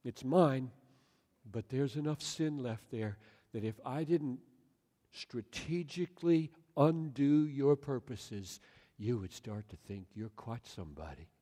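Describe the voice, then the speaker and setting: A man voicing God as a gentle, loving father, speaking in a hushed, tender way. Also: medium pitch, expressive, takes it slowly, pitched above the performer's own voice. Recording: echoey hall with long reverb.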